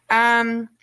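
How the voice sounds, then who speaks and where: A woman's voice: fairly high pitch, sharp tone. A woman hosting a casual live stream, chatting and teasing as she reads out viewer comments.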